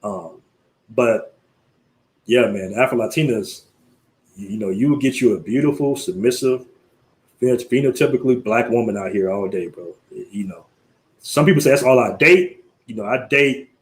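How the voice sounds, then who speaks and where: A man's voice: medium pitch, normal speed, pauses often. Slangy American man hosting a livestream. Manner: animated, slangy, laughs often. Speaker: livestream host. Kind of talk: casual live-stream talk.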